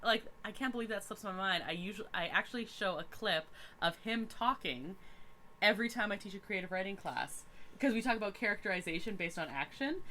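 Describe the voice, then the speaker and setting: A woman's voice: medium pitch, animated, a little fast, sharp tone, a little hiss or hum. A woman from Canada co-hosting a podcast, chatting with upbeat enthusiasm. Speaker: podcast co-host and writing teacher. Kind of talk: casual chat.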